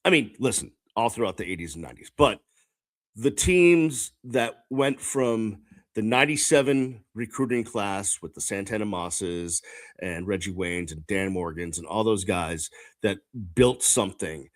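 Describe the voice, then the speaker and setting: A man hosting a sports podcast, talking in a casual, measured, reflective way with frequent fillers. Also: fairly low pitch, lively intonation, no room sound. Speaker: podcast host.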